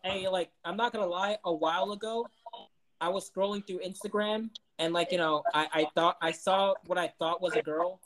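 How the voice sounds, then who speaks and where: A twenty-year-old man on a casual podcast, loud and provocative, blurting out jokes. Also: sits high, fairly even intonation, normal speed. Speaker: podcast regular. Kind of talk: casual chat.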